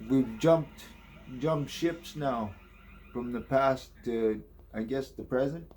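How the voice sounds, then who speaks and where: Male narrator, easygoing and slow, reads comics with loose commentary. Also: mid-range voice, warm tone, a little hiss or hum. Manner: slow, offhand, swears and ad-libs. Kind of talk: casual comic reading with commentary.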